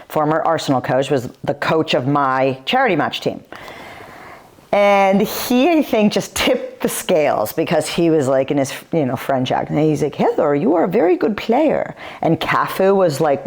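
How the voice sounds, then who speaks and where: Low-voiced chatty woman in her forties. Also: expressive, unhurried. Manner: chatty storytelling, filler-heavy "like". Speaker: guest, retired pro footballer. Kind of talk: podcast interview.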